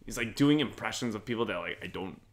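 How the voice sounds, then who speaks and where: A man with a lowish voice co-hosts a casual chat podcast. His pitch swings widely as he riffs, sarcastic and quick to swear. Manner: animated, sarcastic, swears freely. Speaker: podcast co-host.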